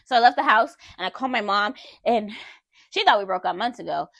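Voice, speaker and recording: A woman's voice: medium pitch, lively intonation, fairly quick, vocal fry, a bit bright, no echo, clean studio sound. A woman telling a personal story to her viewers in a candid, conversational way. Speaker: vlogger.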